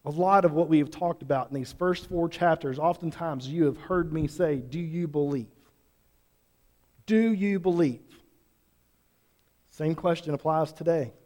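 A pastor with a high, warm voice preaches an earnest sermon to his congregation, pressing them with question after question. He is in a church sanctuary, and the recording carries a long hall reverb.

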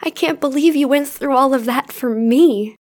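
Woman reading as a gentle tearful teen boy. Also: sits high, moderate pace, pitched above the performer's own voice, close to an everyday voice. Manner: choked-up, pleading. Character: gentle soft-hearted teenage boy, tearful. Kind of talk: reading fan fiction aloud.

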